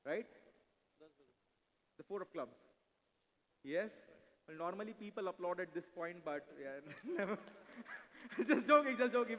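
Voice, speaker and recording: On a handheld mic in a large, echoing event hall, a male stage mentalist rattles off playful patter in a high, somewhat bright voice. He performs card tricks with audience volunteers, coaxing them briskly in a mix of English and Hindi. The live hall recording carries a long reverb.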